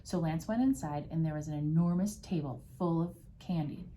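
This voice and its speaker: A woman from a school staff reads a storybook aloud to students with an expressive touch. Her voice is low and mellow. A faint noise sits under her. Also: moderate pace.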